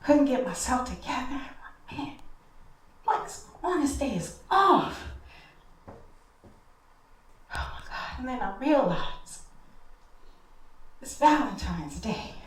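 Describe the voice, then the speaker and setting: A woman's voice: high-pitched, big pitch swings, measured pace, long pauses. A woman telling a heartfelt personal story on a live stage, speaking directly to the audience. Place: stage in a hall. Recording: echoey hall, distant mic.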